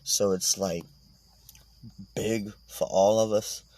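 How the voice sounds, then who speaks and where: A man's voice: lowish voice, fairly even intonation, takes it slowly, mellow. A man vlogging in a casual, meandering monologue, swearing and joking as he goes.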